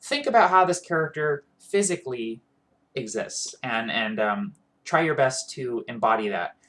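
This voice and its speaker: A man's voice: medium pitch, animated, normal speed, fairly bright tone. A man hosting a video with tips for tabletop role-playing, talking in a casual, earnest way with many ums and restarts. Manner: earnest, with frequent fillers and restarts. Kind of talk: casual advice monologue.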